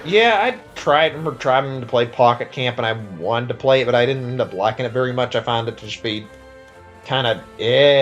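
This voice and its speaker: Male game streamer, tired, rambling casual chat, mid pitch, faint music under. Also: dull audio. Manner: rambling, hedging with many "like"s and restarts.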